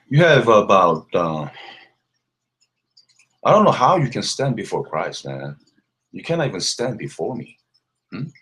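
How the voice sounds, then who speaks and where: Guy doing a slow sneering rant vid, low voice that swings all over, laughs at his own insults. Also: fairly bright tone. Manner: mocking and scornful, laughing between insults. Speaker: vlogger. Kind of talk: ranting callout video.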